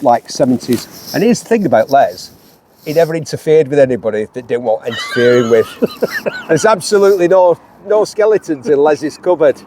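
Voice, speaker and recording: A man with a Lancashire accent hosts a car show, bantering and joking as the car moves. He's jokey, rambling and quick to laugh, with a slightly high, warm voice.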